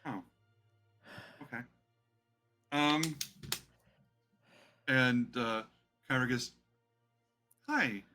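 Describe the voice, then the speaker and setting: A male game master narrating a tabletop session with a bright, clear tone. He meanders through the scene with frequent fillers and restarts. His pitch sits in the middle for a man. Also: moderate pace, faint music behind. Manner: rambling, hesitant narration with many fillers.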